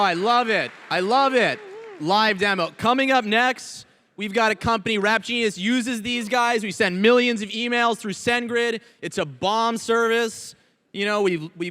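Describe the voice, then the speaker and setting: A man emceeing a hackathon, hyping up each sponsor in a loud, slangy way. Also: sits high. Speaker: event emcee introducing sponsors. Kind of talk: hype emcee introductions.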